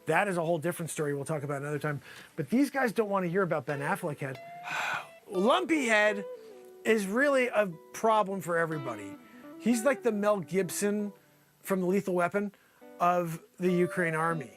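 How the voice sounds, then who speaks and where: A man's voice: expressive, normal speed, soft background music. A man hosting an improvised comedy show, parodying a news anchor and riffing on his guests with loose, teasing banter. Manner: breaks into high-pitched fits of laughter, shouting.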